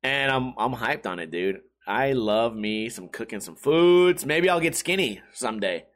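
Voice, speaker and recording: His mid-range voice is expressive, fairly bright and a little slow as the young YouTuber rambles to viewers, joking around, cursing a lot and calling everyone dude.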